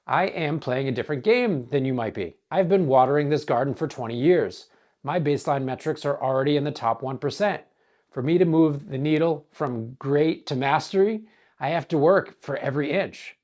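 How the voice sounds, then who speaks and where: Man, hoarse, earnest scripted narration, measured and deliberate. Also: fairly high pitch, a little mellow. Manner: measured, earnest, dramatic pauses. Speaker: wellness coach.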